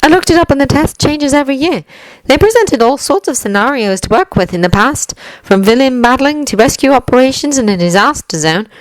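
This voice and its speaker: A woman voices a poised, clever teenage girl from a fanfic story, pitched up from her own voice. She sounds composed and knowing, with an expressive lilt in a dry, close sound. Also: a little fast, no room sound, rough recording. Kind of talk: fanfiction reading.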